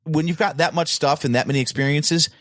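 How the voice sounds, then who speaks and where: A man's voice: fairly high pitch, steady tone, brisk, fairly bright tone, no echo, studio quality. A man co-hosting a casual fan podcast, playfully arguing his points. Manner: argumentative, playfully defends points. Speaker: podcast co-host. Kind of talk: casual chat.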